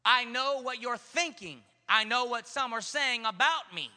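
A man's voice: very high voice, expressive, unhurried, sharp tone, big-room sound, exaggerated voice. A man voicing a bold, plainspoken grown male prophet in a sermon retelling, speaking in an emphatic, declaring way.

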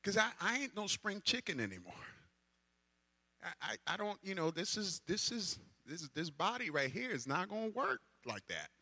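A man's voice: high-pitched, sing-song, normal speed, pushed and bright, dry recording, voice pushed up, exaggerated voice. A man voicing an aging man who grumbles in a rambling way about his worn-out body. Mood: complaining. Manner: whiny, rambling complaint.

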